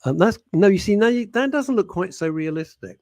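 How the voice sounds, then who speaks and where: A man's voice: sits high, animated, a little fast, darkish tone, dry recording, clean studio sound. A British man hosting an internet radio show, bantering and teasing, reading out listener comments in a casual chat.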